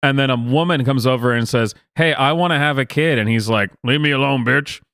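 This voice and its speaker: A man's voice: medium pitch, brisk, a bit bright, clean tone, dry recording, studio quality. A man hosting a show where he reacts to videos, talking sarcastically and laughing often. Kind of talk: casual reaction commentary.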